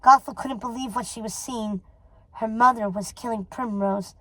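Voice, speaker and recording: A woman reading a storybook chapter aloud in a steady, dramatic way. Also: on the high side, normal speed, dry recording, low-quality recording. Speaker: reader.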